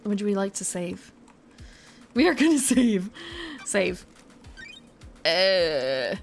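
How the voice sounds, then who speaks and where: A woman's voice: mid-range voice, big pitch swings, takes it slowly, gravelly. A woman chats casually while she plays a game on stream. She trails off mid-thought and adds small laughs, in an ordinary mid-range voice. Faint game music plays beneath her. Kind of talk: casual live game commentary.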